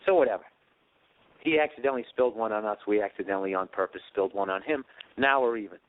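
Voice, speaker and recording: A man's voice: on the low side, fast talker, narrow, tinny audio. A man in his late thirties hosting a podcast, telling a rambling, profane, self-deprecating story. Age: 30s. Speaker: podcast host.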